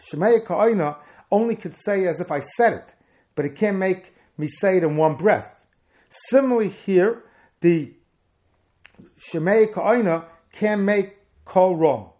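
A man's voice: high-pitched, a little mellow. Man teaching a Talmudic lecture. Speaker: rabbi teaching Jewish law.

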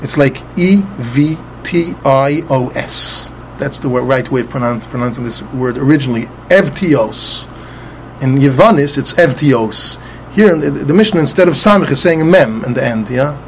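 A man's voice: mid-range voice, fast, hardly any pauses, a little hiss or hum. A man teaching a Talmud passage, methodically spelling out letters and often repeating words as he explains. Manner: spells out Hebrew letters and vowels with Ashkenazi pronunciation.

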